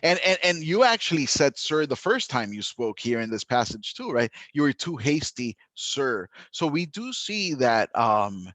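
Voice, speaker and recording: A man teaching a literature lesson, talking in a lively, chatty way with frequent laughter and restarts. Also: mid-range voice, normal speed, few pauses, dry recording. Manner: animated, chatty, laughs often, many restarts. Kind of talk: recorded classroom lesson.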